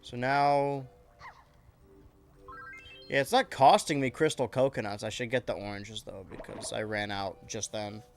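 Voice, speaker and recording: A man's voice: lowish voice, measured pace, long pauses, faint music behind. A man casually commenting as he plays a video game on stream, joking with his chat. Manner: joking, animated, talking to chat while playing.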